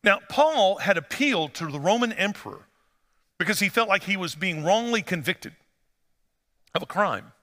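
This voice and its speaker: A man preaching a sermon as pastor, conversational and storytelling, rising to animated emphasis. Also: sits high, moderate pace, long reverb tail.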